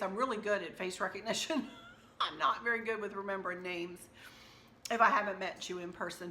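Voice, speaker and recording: A woman hosting a home decor channel, chatting casually and effusively to her viewers with soft laughs. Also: mid-range voice, slight background noise. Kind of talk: casual chat to camera.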